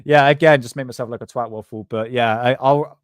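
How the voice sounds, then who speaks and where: A man's voice: mid-range voice, fairly even intonation, a little fast, clear, resonant tone, dry recording. Chatty Bristol-accented man, dry close mic. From England. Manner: chatty, slangy, laughs often. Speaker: podcast host. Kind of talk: casual chat.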